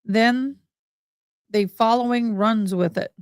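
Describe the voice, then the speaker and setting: A woman's voice: a little high, takes it slowly, smooth, no echo, clean studio sound. A woman from Missouri, hosting a livestream in a chatty, rambling, folksy way. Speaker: livestream host. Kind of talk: casual livestream chat.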